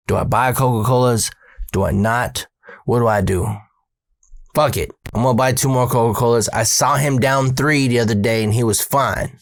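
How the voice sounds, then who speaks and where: A man telling a comedic personal story, animated and full of profanity. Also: mid-range voice, dry recording, clean studio sound.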